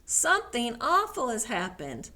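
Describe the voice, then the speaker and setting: A woman's voice: on the high side, huge pitch swings, a little slow, sharp tone, voice pushed up, full character voice. A worried, complaining cow from a picture book, as a woman reading aloud puts him on. His fretful voice rises and falls a lot. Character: distressed male cow.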